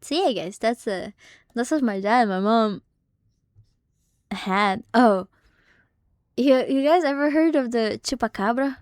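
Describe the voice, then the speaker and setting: A young woman streamer telling family stories in casual, swear-heavy chat, animated and laughing often. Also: fairly high pitch, unhurried, pauses often, no room sound, clean studio sound. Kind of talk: casual storytelling on a live stream.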